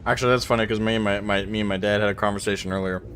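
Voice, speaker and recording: A man's voice: lowish voice, rapid-fire, slight background noise. Man streamer telling stories in voice chat. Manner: animated storytelling, swears freely. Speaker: streamer host. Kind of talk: casual voice chat while gaming.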